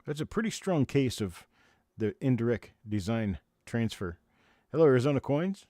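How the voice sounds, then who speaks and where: A man's voice: medium pitch, very animated, dark tone, no echo, clean studio sound. A man hosting a live online coin auction, rattling off repeated bid calls and explaining coin details in between. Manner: rapid repetitive auction calling of bids. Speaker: auctioneer host.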